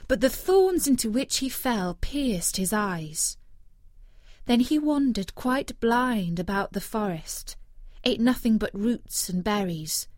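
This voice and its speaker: A woman reading a fairy tale aloud in an expressive, storytelling way. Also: a little high, no room sound, studio quality.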